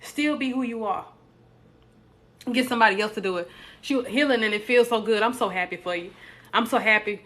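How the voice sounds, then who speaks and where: A woman's voice: a little high, brisk, pauses often, a bit bright. A young adult woman, hosting a casual live stream, joking with viewers and preaching encouragement.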